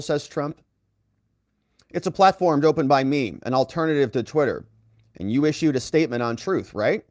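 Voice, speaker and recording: Lively man recounting courtroom testimony. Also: medium pitch, no echo, studio quality. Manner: reads quoted dialogue in a raised, lively voice; quick asides to the viewer. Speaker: legal commentator. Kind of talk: reading and commenting on courtroom testimony.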